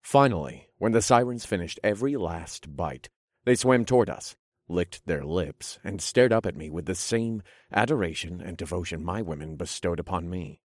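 A man reading a first-person fantasy audiobook in an even, measured way. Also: deep voice, no room sound, studio quality. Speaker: audiobook narrator.

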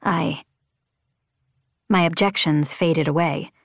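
A woman narrating a first-person novel in a wry, expressive way. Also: low voice, takes it slowly, creaky, no echo, studio quality. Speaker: audiobook narrator.

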